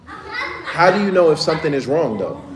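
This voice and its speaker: A man's voice: on the high side, very animated, normal speed, very noisy. Male teacher talking casually to kids. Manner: conversational, checks in with the class often. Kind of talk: casual lesson to children. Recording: echoey room with faint ambience.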